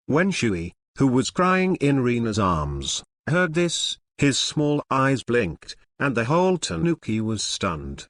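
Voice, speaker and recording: Lively male storyteller, dry close voice. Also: mid-range voice, slow, few pauses, no room sound. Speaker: narrator. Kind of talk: scripted narration of a translated novel.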